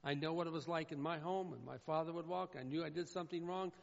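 A man preaching a sermon with emphatic delivery, his voice swinging from loud declarations to hushed low lines. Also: steady tone, fast talker, creaky. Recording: echoey hall with dull sound.

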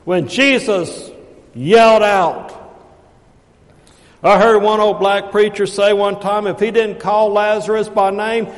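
A man preaching a sermon, folksy and shifting from hushed asides to loud calls. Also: high voice, fairly even intonation, takes it slowly, in a large hall.

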